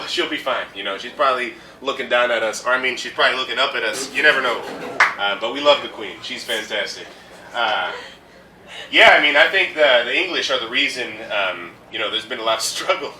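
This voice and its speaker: A man rambles through an improv rant in a very bright, cutting voice at an ordinary pitch for a man. He is recorded from across a reverberant room, and a faint hiss sits under the sound. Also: expressive, brisk. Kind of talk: live improv comedy. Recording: echoey room from far off, faint noise.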